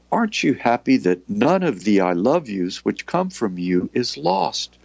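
Male spiritual teacher, middle pitch, gentle and reflective, reading and commenting on a devotional text; dry, dull lo-fi sound. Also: vocal fry, dry recording. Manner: gentle, reflective, often adds "you know".

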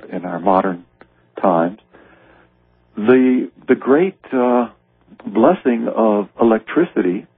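A man's voice: lowish voice, slightly rough, no room sound. A man teaching on a devotional text for radio. He reads passages aloud and explains them earnestly. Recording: narrow, tinny radio broadcast sound.

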